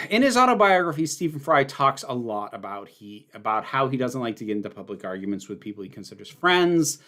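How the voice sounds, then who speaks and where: Guy chatting on a livestream, really animated pitch, opinionated and rambly. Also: a little fast. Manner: opinionated, emphatic, rambling with fillers. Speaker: livestream host answering viewer questions. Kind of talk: casual livestream chat.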